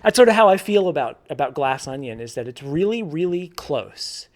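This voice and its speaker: A man with a fairly high voice talks through a film in a casual review, candid and informal, with the odd swear word. He stops and restarts often, repeating words as he works out his point. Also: very animated, moderate pace. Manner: thinks aloud with frequent restarts and repeated words.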